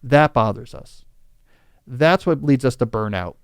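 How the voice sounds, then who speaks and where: A man's voice: medium pitch, animated, unhurried, gravelly, clear, resonant tone, no echo, clean studio sound. A man hosting a podcast, explaining advice in a reasoned, conversational way. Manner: reasoned, conversational, acts out quoted scenarios. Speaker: podcast host.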